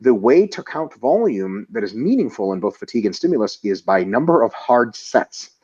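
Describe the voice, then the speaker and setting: A man's voice: mid-range voice, big pitch swings, moderate pace, darkish tone, husky, lo-fi sound. A man co-hosting a casual webinar, answering viewer questions bluntly and swearing freely as he lays out training plans step by step. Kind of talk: casual webinar Q&A, profane and joking.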